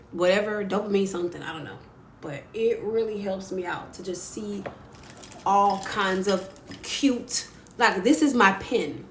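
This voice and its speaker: Playful, chatty woman livestreaming. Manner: chatty, playful, laughs often; expressive, swoops into high squeals when excited. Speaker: livestream host. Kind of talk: casual livestream chat. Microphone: phone mic. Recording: roomy with faint ambient noise.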